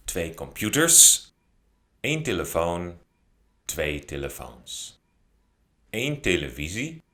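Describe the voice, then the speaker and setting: A man teaching a beginner grammar lesson, patiently slowing down to say example words clearly. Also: low voice, fairly bright tone. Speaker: Dutch language teacher.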